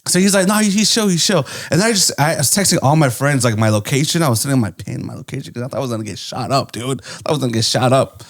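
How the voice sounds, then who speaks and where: Relaxed male co-host with a mid-range voice who laughs easily while telling stories. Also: medium pitch, quick pace, few pauses. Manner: laid-back, laughs often, swears casually. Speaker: podcast co-host. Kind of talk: casual chat.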